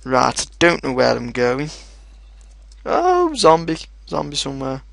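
A young man giving casual commentary over his own gameplay, excitable and swearing often, shouting at his in-game dogs. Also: mid-range voice, a little slow, vocal fry, dry recording. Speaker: gaming video host. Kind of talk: casual let's play commentary.

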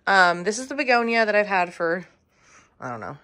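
A woman's voice: mid-range voice, big pitch swings, brisk, sharp tone. A woman in her thirties giving a casual, chatty tour of her room, swearing freely and saying um a lot. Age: 30s. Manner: chatty and offhand, swearing, many ums.

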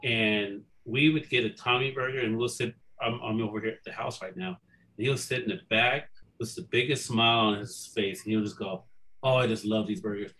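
Bright-toned man reminiscing on a call. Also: medium pitch, steady tone, rough recording. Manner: warm, amused, quick asides. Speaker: panel guest, family member. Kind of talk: fond family reminiscing. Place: at home.

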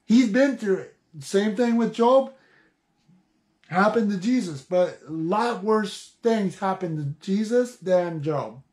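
A high-voiced man preaching slowly and haltingly over scripture, stopping often to restart his words. He reads the verses aloud and then talks them through in a plain, informal way. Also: animated, a little mellow. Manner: slow, halting, with many restarts and "see". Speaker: online Bible teacher. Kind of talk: informal Bible reading and preaching.

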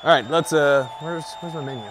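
Brief: young male gaming host, animated and fairly high, swearing and joking over a noisy background. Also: fairly quick, some chatter behind. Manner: excitable, swearing, joking, shouting at the game. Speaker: gaming YouTuber. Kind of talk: casual VR gameplay commentary.

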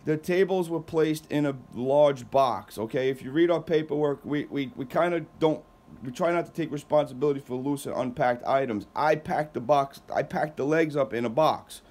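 A man's voice: a little high, normal speed, darkish tone. A man who owns a moving company, talking on a heated phone call in an exasperated, defensive way, stammering and repeating himself.

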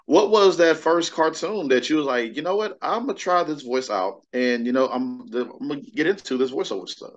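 A man's voice: medium pitch, expressive, moderate pace, few pauses. A man hosting a casual interview, asking questions in a laid-back way with easy slang. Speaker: host. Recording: dull lo-fi audio.

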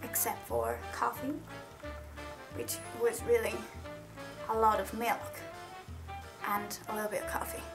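A woman's voice: fairly high pitch, flat delivery, unhurried, gravelly, pauses often, music in the background. A woman YouTuber chatting to camera in a casual vlog, rambling and poking fun at herself. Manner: rambling, chatty and self-deprecating.

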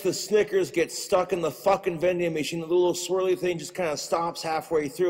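A man's voice: fairly high pitch, darkish tone, long reverb tail. A man doing a crude, profane stand-up comedy routine, ranting and putting on little voices.

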